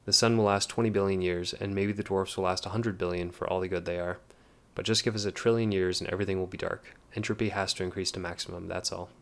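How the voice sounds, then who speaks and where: A man's voice: low voice, steady tone, fast talker, few pauses, fairly bright tone. A man voicing a cynical male technician who talks bluntly and scoffs. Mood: scoffing.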